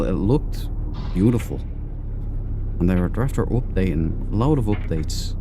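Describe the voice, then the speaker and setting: A man's voice: low voice, noisy background. An Irish man streaming a space game live, rambling and chatty, with slangy asides. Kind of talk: casual live-stream chat.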